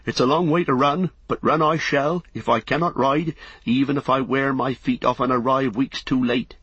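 Young hobbit squire, played by a man: high, eager, pleading, husky, dull recording. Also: fairly even intonation, normal speed, fairly bright tone, no echo. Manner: pleading, stammering.

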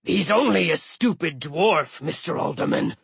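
A man's voice: a little high, animated, measured pace, creaky, fairly bright tone, husky, no echo, pitched above the performer's own voice, heavily acted. A man voicing a greedy male dragon who mutters to himself as a storybook figure. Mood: sly.

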